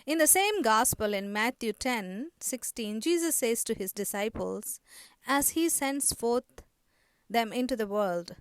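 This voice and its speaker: A woman pastor delivers a storytelling sermon in a fairly high voice. She slows down to stress her key phrases. The recording is dry and close, with no room sound. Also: expressive, clear, resonant tone, no echo. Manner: storytelling preacher with emphatic, slowed phrases.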